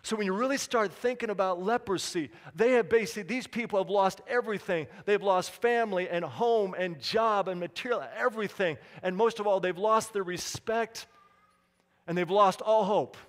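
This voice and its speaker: A high-pitched male pastor preaches in a church sanctuary. His voice drops low and soft and then climbs into loud, pleading calls. A long reverb rings behind him. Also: normal speed. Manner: dramatic preaching, swinging between hushed and loud calls. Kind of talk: sermon.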